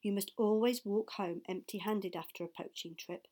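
A proud, easygoing father from a storybook, read by a woman. He talks in a relaxed, matter-of-fact manner. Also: mid-range voice, normal speed, lightly acted. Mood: calm. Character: proud poacher father, man, easygoing and warm.

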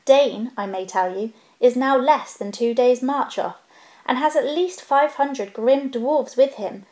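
A woman voicing a small, earnest male hobbit who talks with prim, businesslike courtesy and a slight squeak. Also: a little slow, a little mellow. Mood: polite, earnest. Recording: roomy echo.

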